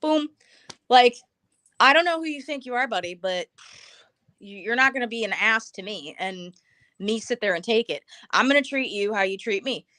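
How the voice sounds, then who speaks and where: A young woman with a fairly high voice tells blunt stories in casual chat, acting out each person she quotes. The sound is dry and close, as on a small home live stream. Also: moderate pace, no room sound. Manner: blunt, animated storyteller who acts out quotes.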